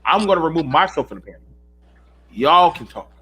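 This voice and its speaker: Emphatic husky man hosting a panel call. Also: a little high, sing-song, fairly quick, pushed and bright. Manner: preachy and emphatic, repeats himself. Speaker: host of a panel call show. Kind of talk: heated panel discussion.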